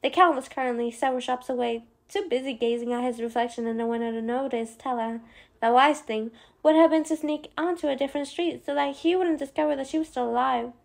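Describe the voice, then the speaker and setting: High-voiced woman narrating a novel. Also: brisk, creaky. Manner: expressive reading with small slips. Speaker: audiobook narrator. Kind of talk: scripted narration.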